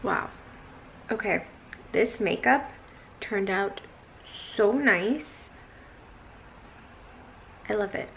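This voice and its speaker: A woman's voice: mid-range voice, lively intonation, extremely slow, gravelly, long pauses, a bit bright, slight background noise. A young woman in her twenties chatting casually to the camera at home, rambling with lots of fillers. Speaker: vlogger. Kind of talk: casual vlog chat. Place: home, bedroom.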